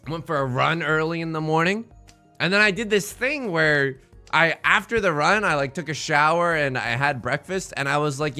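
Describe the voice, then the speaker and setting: A man's voice: on the high side, animated, moderate pace, bright, forceful tone, faint music behind. A man hosting a gaming video, chatting casually with joking, rambling asides, his voice a bit strained. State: voice strained from singing. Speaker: let's play host.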